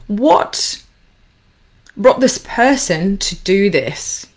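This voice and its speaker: Woman, anxiety coach, guided exercise, calm and slow, repeats each instruction, mid-pitched voice.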